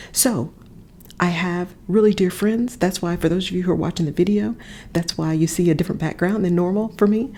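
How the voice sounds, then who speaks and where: Earnest woman coach, husky low voice. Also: fairly even intonation, fairly quick, warm tone. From Texas. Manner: earnest, emphatic repetitions, drops to a whisper at times. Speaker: podcast host and coach. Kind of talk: reflective motivational monologue. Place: a friend's house, not her usual space. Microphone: different setup than usual.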